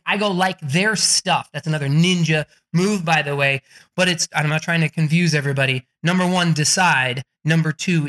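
A man's voice: a little high, pushed and bright. A man, a podcast guest, giving a blunt, profane motivational pep talk.

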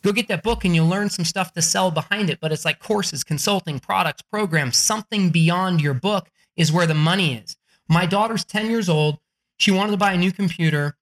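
A middle-aged man, an author and book coach, talking fast and excitably in a podcast interview, swearing and joking as he pitches. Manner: excitable, profane, jokey, salesy. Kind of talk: energetic podcast interview talk.

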